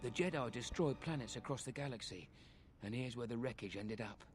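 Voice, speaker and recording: An actor with a posh British accent playing a weary, street-wise male refugee beggar in a video game, speaking in a measured, matter-of-fact way. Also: mid-range voice, soft background music, natural voice. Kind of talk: game voice acting.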